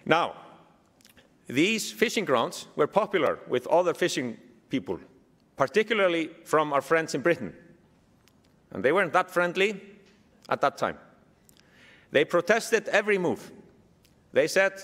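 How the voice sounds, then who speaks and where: A man with an Icelandic accent giving a keynote speech, telling a story with animated humor. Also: a little high, unhurried, pauses often. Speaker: keynote speaker. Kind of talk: speech to a summit audience. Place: large hall. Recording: long hall reverb.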